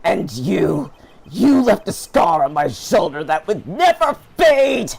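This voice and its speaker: A streamer voicing a furious, vengeful older male prosecutor while reading a video game aloud, screaming threats in a high, strained voice. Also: very animated, takes it slowly, vocal fry, over a noisy crowd, exaggerated voice. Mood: enraged screaming.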